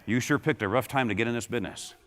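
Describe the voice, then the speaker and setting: A keynote speaker voicing a gloomy, cynical veteran salesman who grumbles discouragement at a new hire, in a lowered voice. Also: quick pace, fairly bright tone, close to an everyday voice. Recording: long hall reverb.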